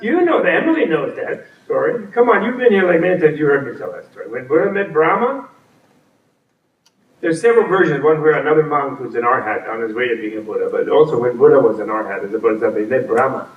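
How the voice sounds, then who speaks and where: A man's voice: medium pitch, lively intonation, quick pace, narrow, tinny audio. A man giving a humorous talk as a teacher, with playful storytelling and frequent laughter, at a retreat center hall. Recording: roomy, from a distance.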